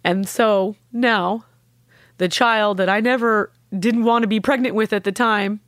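A woman, a podcast guest, telling a deeply personal story in an earnest, heartfelt way and with strong conviction. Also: steady tone, a little slow, a bit bright, dry recording, clean studio sound.

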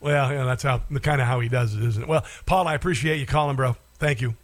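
A man's voice: medium pitch, fast talker. A man hosting an opinion talk radio show, sarcastic and rambling, stumbling over words.

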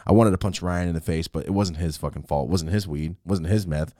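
A man telling a wild personal story in a casual, profane, animated way, acting out what people said. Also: low voice, fast talker, no room sound, clean studio sound. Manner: animated, profane, acts out the quotes.

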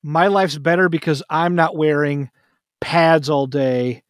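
A man co-hosting a casual sports podcast, jokey and self-deprecating, talking in quick bursts. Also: a little high, fairly even intonation, smooth, dry recording, studio quality. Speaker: podcast co-host.

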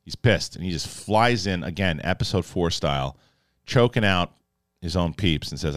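A man casually reviewing an episode, animated and jokey, acting out the characters in quick asides. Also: deep voice, dry recording, studio quality. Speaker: film and TV reviewer.

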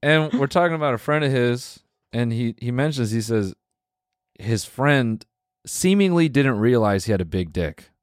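A man's voice: medium pitch, animated, moderate pace, dry recording, clean studio sound. A man co-hosting a casual podcast, laid-back and teasing, laughing as he tells a story. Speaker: podcast co-host. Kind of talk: casual chat.

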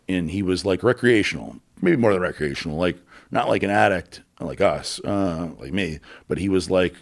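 A man candidly telling a personal story as an interview guest, halting, with many fillers and blunt swearing. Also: sits low.

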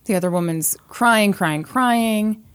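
Woman podcast co-host, casual storyteller, animated, mid-pitched voice. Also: slow pace, smooth. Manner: animated, acts out quoted voices, laughs often. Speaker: podcast co-host telling a true crime story.

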